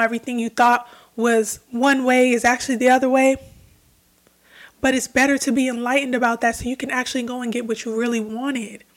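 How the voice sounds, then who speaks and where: A young adult woman talking alone on her spiritual podcast, earnest and reflective, repeating phrases for emphasis. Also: high-pitched. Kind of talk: solo spiritual podcast talk.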